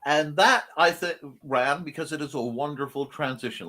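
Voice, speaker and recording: A man's voice: on the high side, normal speed, sharp tone. A man hosting a casual live-stream show, reading viewer comments aloud in a playful way. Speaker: host of a creative morning show.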